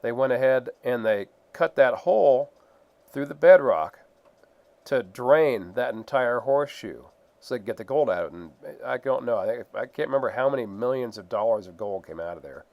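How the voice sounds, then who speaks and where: A man's voice: mid-range voice, animated, moderate pace, no echo, highs cut off. A man casually narrating his own gold prospecting photos, rambling with fillers and laughs. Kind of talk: casual storytelling.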